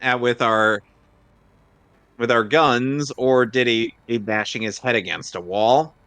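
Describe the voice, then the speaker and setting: A man's voice: medium pitch, fairly bright tone, clean tone, no room sound. A man hosting a live game stream, chatting casually and rambling with jokes and restarts. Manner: rambling, joking, halting restarts. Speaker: streamer host. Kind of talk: casual gameplay commentary.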